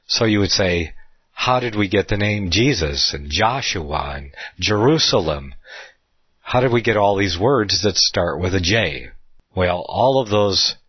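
A man giving an unscripted Bible study talk, rambling with fillers and restarts, slowing down to stress key words. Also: low-pitched, lively intonation, husky, dry recording, muffled recording.

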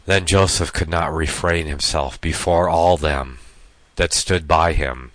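A man with a notably low voice reads scripture aloud, then breaks off to explain it in plain, everyday words. The sound is close and dry, with no room around it. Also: steady tone, unhurried, fairly bright tone, no echo. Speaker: Bible teacher. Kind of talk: scripture reading with commentary.

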